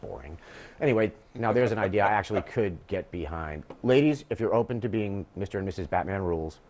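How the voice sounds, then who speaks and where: Guy hosting a late night panel show, swoopy lively voice, snarky jokes, tv studio. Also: fairly low pitch, fast talker. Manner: sarcastic, jokey. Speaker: talk show host. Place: television studio.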